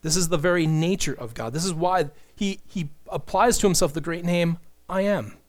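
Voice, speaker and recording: A man's voice: on the high side, moderate pace. Earnest man preaching a sermon. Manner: earnest, animated preaching with asides. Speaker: pastor.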